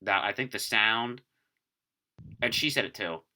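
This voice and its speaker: A man's voice: on the low side, measured pace. A man casually telling a rambling, profane story to friends in a group chat. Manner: rambling, profane, animated retelling.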